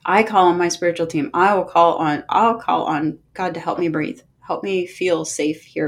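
A middle-aged woman hosting a podcast, speaking slowly and gently with heartfelt encouragement and many pauses. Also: on the low side. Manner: gentle, slow and unhurried with pauses. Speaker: podcast host and movement coach. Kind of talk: reflective podcast monologue.

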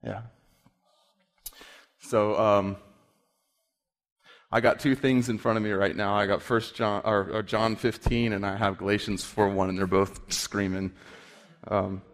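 A man's voice: on the low side, flat delivery, in a large hall. Guy pastor preaching casual, lots of restarts and stumbles, prays partway. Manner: conversational, halting restarts. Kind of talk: sermon with prayer.

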